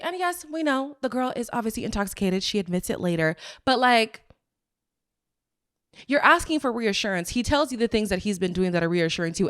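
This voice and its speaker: A woman hosting a podcast, recapping a reality show in a sassy, exasperated, chatty way. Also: a little high. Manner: animated, sassy, exasperated asides. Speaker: podcast host. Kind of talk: casual recap commentary.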